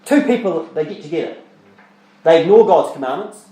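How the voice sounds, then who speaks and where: A man's voice: a little high, lively intonation, normal speed, mellow. Echoey male preacher asking rhetorical questions. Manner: conversational preaching with rhetorical questions and repeated words; reads scripture aloud in old-style English. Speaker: pastor. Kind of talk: sermon. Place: church.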